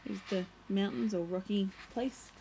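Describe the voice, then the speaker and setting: A woman's voice: medium pitch, moderate pace, dark tone, a little hiss or hum, poor audio. A young woman vlogging at home, chatting casually as she shows and reads from a children's picture book, full of playful asides.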